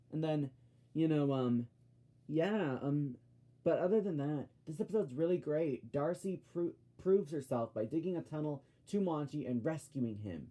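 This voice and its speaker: Guy doing a casual show review, rambly and ranty, keeps correcting himself, warm low-key tone. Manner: rambling, ranting, self-correcting.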